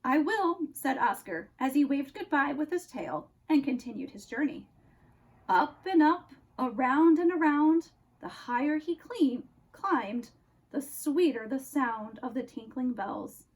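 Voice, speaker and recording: A woman reads a children's storybook aloud at an unhurried pace. Her voice is high and very lively, rising and falling with each turn of the story. She lingers on dramatic pauses. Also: slightly rough, low-quality recording. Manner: expressive, slow, dramatic pauses. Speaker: storyteller, counselor.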